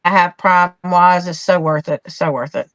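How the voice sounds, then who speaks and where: A woman's voice: fairly low pitch, fairly even intonation, moderate pace, fairly bright tone. A woman joining a live chat as co-host, making teasing, playful remarks. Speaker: co-host on a livestream. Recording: dull lo-fi call audio.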